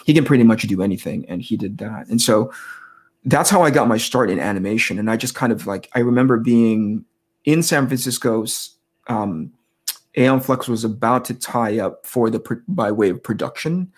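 In a relaxed interview, a comic artist from the United States in his forties spins lively anecdotes, performing the dialogue he quotes. His mid-range voice has a breathy edge and moves at a normal speed.

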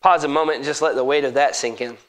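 A man pastor preaching a sermon in an emphatic, conversational way that rises at times to shouts. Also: mid-range voice, fairly even intonation, fast.

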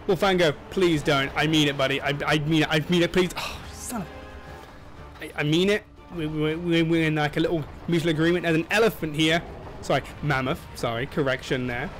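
A young man giving casual, excitable commentary over his own gameplay, yelping and laughing at the game. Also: fairly high pitch, a little fast, faint music behind. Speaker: gaming channel host.

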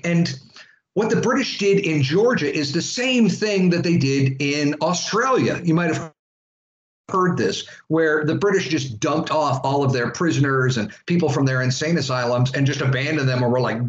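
With a slightly high voice, lively intonation and normal speed, a history instructor from Florida gives his students a chatty, aside-filled lecture. The classroom echoes, and the sound comes across dull and lo-fi.

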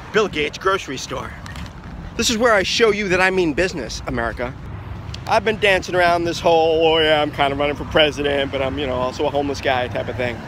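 A man talking to camera outdoors on city streets, joking through a mock presidential campaign with drawn-out, sing-song slogans. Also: on the high side, noisy background. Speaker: vlogger running a joke presidential campaign. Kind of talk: casual vlog to camera, mock campaign speech.

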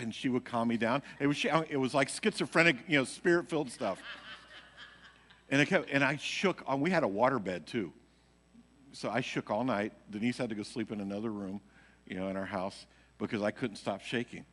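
Speaking a little fast in a medium-pitched, fairly bright voice, a male worship leader tells his congregation a rambling personal testimony heavy on fillers like "you know." The recording is a live church stream from the sanctuary with long hall reverb.

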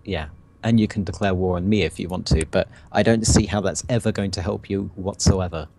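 A man's voice: deep voice, fairly even intonation, a little fast, vocal fry, darkish tone. A man playing a game with a friend, casually teasing and explaining game mechanics. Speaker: guest gamer. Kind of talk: casual gameplay chat.

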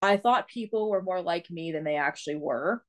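A woman's voice: fairly low pitch, expressive, moderate pace. Chatty, reflective woman co-host. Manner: chatty and reflective, laughs between thoughts. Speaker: podcast co-host. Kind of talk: casual chat.

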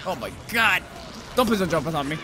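A young man commentating a video game with loud outbursts, heavy swearing and self-mocking asides. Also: high voice, expressive, brisk, background noise. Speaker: gameplay commentator. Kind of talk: swearing, excitable let's-play commentary.

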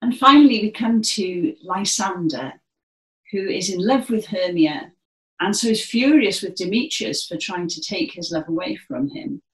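A woman's voice: mid-range voice, expressive, measured pace. A woman leading a dance session, giving encouraging instructions and projecting with theatrical delivery. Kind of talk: guided movement class instruction. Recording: echoey room.

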